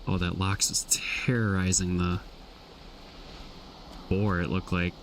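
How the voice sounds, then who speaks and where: A man giving casual, relaxed commentary on his own gameplay, thinking aloud and trailing off mid-thought. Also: deep voice, slow pace, far from the mic, slight background noise. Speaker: gameplay streamer.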